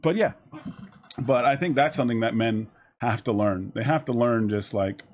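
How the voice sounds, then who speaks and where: A man talks casually to his stream audience, handing out blunt advice. His talk is loose and rambling, with plenty of swearing. His voice sits at an ordinary middle pitch. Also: normal speed, a little hiss or hum. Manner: profane, rambling, animated with voiced asides.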